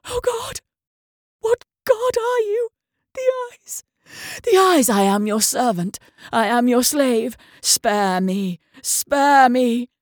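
A woman's voice: on the high side, big pitch swings, takes it slowly, dry recording, clean studio sound. A woman voicing a terrified male doctor who sobs, raves and pleads as visions drive him mad. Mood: raving terror. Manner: sobbing, raving and pleading.

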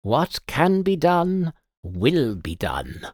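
A man voicing a silver-haired gentleman detective who speaks in a measured, authoritative and sly way. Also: on the high side, huge pitch swings, no room sound, clean studio sound, pitched above the performer's own voice, full character voice. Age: older. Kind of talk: audiobook character voice.

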